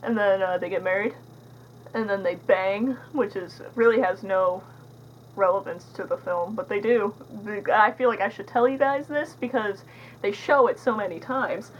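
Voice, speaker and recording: A woman's voice: medium pitch, moderate pace, muffled recording, a little hiss or hum. A young woman casually reviewing a movie, rambling and sarcastic, with lots of filler words.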